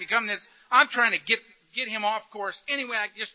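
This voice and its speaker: A man telling his recovery story to a meeting, animated and full of acted-out quotes and laughter. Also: very high voice, brisk, hardly any pauses, lo-fi sound. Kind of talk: storytelling talk to an audience.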